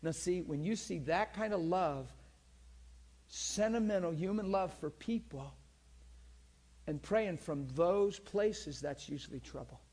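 Husky, slightly high-voiced male preacher, lively and playful, storytelling sermon. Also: a little slow. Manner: lively, teasing, laughs often, swings from quiet to loud. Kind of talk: sermon storytelling about healings.

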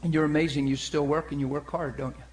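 Animated high-voiced male pastor preaching. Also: fast, slight background noise. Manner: animated, acts out voices and sound effects. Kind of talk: sermon.

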